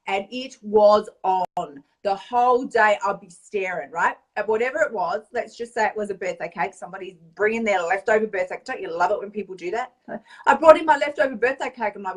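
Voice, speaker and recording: A woman weight-loss coach chatting through an animated, casual vlog monologue, often tagging lines with "right?". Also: medium pitch, far from the mic. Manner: animated, chatty storyteller, tag questions.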